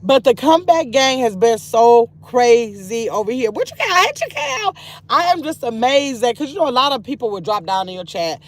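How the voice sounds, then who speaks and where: An older woman hosting a casual livestream from her phone in a parked car, chatty and excitable, reading comments aloud and turning from sweet to sassy. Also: a little high, fairly quick, hardly any pauses. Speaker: livestream host reading chat.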